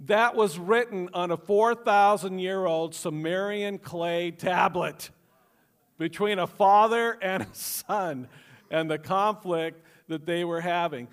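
Guy with a fairly high voice preaching, chatty, throws questions at the crowd, repeats his main points. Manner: conversational preaching with jokes and questions to the congregation; repeats key phrases for emphasis. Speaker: pastor. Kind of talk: sermon.

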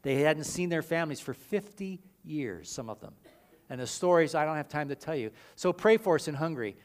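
Male preacher, high-ish voice, animated storytelling sermon, emphatic and repetitive. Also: fairly quick. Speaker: preacher and missions leader.

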